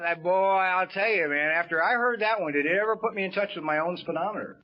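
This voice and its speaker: A man's voice: high-pitched, fast talker, hardly any pauses, a loud crowd, heavy background noise. A man speaking at a recovery meeting, telling stories in a folksy way with casual swearing and plenty of "you know" and "man". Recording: dull lo-fi tape.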